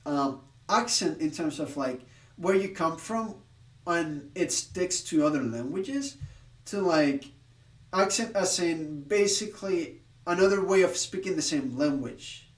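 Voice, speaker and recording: A man's voice: sits high, lively intonation, a little slow, echoey room, distant mic, poor audio. A man from Spain chatting casually on a live stream, rambling with restarts, laughing and swearing now and then.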